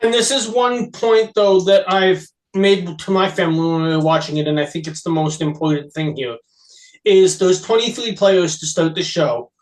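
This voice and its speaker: A man co-hosting a podcast, chatting casually and giving measured, thoughtful commentary. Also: high-pitched, poor audio. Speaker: podcast co-host. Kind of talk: casual chat.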